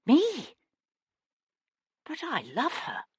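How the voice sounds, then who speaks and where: A woman voicing a panicky, high-pitched young man. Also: wildly swooping pitch, extremely slow, exaggerated voice. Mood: frightened. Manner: high, shaky, panicky protests. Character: frightened weak-chinned young man.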